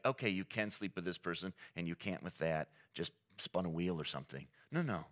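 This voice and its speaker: A man's voice: low-pitched, fairly bright tone. A man preaching a sermon as pastor, earnest and emphatic, mixing teaching with personal stories.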